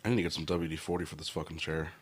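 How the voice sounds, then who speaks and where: A man co-hosting a podcast, laid-back and quick to laugh in casual chat. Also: rumbling low, steady tone, a little hiss or hum. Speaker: podcast co-host.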